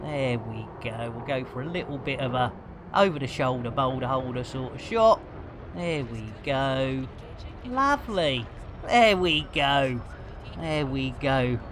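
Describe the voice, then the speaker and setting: Slow, jokey man streaming a game. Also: medium pitch, expressive, a bit bright, a little hiss or hum. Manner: jokey, punning, full of cheeky wordplay. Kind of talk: live gameplay commentary.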